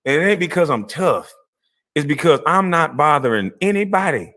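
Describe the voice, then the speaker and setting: A man delivers a heated livestream rant. His voice sits a bit high and swings widely in pitch. The tone is bright and forceful, and he is profane and mocking throughout. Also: big pitch swings, normal speed. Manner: laughs scornfully between lines.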